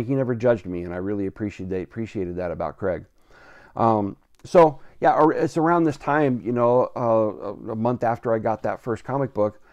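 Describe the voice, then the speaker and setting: A man telling a personal story to camera in an earnest, heartfelt way, with many pauses and fillers. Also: on the low side, a little mellow, dry recording. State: choked up, near tears. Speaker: comic book video host.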